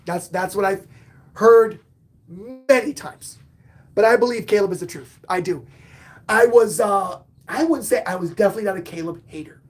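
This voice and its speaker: A man with a fairly high voice talks through a live-stream sports show in a casual, unscripted way. He is excitable and swings between loud, punchy outbursts and quiet muttered asides. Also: normal speed. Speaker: podcast host and sports fan; bartender.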